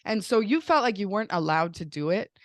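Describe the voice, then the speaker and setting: Chatty mom host, dry close sound. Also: female voice, medium pitch, fast, no echo. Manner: chatty, says "like" often, animated storytelling. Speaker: podcast host; mother of young children. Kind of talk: casual chat.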